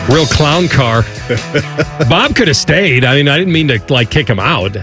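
A man's voice: a little high, lively intonation, measured pace, over music. A man hosting a sports radio show, talking casually and breaking down plays with a joking, analytical manner.

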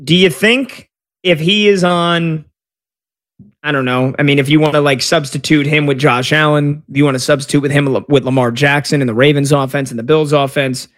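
A man's voice: fairly high pitch, steady tone, normal speed, fairly bright tone. A man hosting casual sports talk, chatty and reacting to a live game as he steers the conversation with questions. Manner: chatty, leading questions and asides.

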